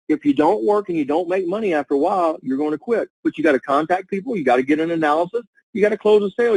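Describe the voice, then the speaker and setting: A man giving an energetic, repetitive coaching talk to a sales team over a webinar. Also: fairly high pitch, dry recording, rough recording. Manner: energetic, coaching, repeats himself.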